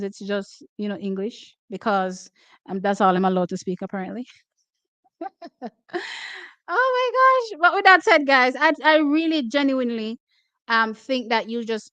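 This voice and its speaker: A woman's voice: mid-range voice, clean tone, no echo. A young woman with a Jamaican accent hosting a casual track and field livestream, reading comments and switching between patois and standard English with frequent laughter. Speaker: host of a track and field talk stream.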